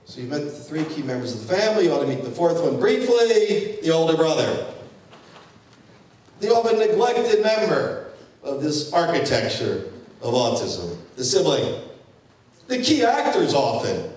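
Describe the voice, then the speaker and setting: Man in his fifties, keynote speech, lively rising and falling pitch, fairly high voice, wry jokes, echoey hall, heard from a distance. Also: moderate pace. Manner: animated, wry storyteller with dry jokes. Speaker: keynote speaker. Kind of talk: storytelling speech to an audience. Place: event hall.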